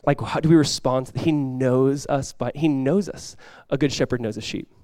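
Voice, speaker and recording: A man preaching a sermon as pastor, telling stories with lively energy, then dropping quiet and slow to press a point. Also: mid-range voice, no room sound, studio quality. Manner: animated storytelling, drops quiet and slow for emphasis; conversational, many fillers like "like" and "you guys".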